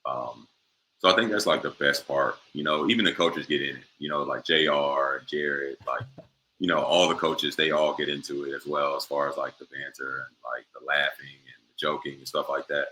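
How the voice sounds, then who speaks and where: A man's voice: rumbling low, steady tone, moderate pace, pushed and bright, slight background noise, low-quality recording. A young man, a professional basketball player, answering interview questions in a laid-back way with many fillers.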